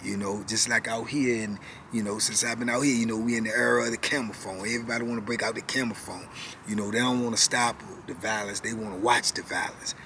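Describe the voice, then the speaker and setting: A man's voice: on the low side, fairly even intonation, quick pace, sharp tone, slight background noise. A man in his fifties telling a story in a casual, slangy way, with "you know" in almost every line.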